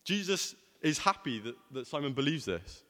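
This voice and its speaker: A man's voice: mid-range voice, normal speed, fairly bright tone, in a large hall. A young man preaching a sermon in a conversational way, often asking rhetorical questions.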